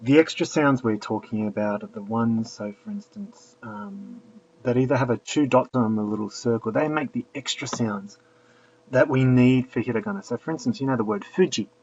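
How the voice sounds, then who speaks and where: A man's voice: medium pitch, lively intonation, moderate pace, a little mellow, a little hiss or hum. A man teaching a language lesson, patiently explaining and repeating drills aloud. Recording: dull lo-fi recording.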